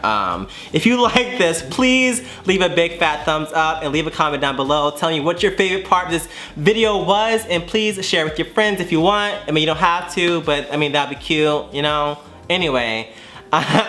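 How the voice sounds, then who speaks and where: A man's voice: fairly high pitch, lively intonation, normal speed, bright, forceful tone. A man in his twenties telling a dramatic storytime to his viewers, profane and theatrical. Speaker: vlogger. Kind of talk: casual storytime.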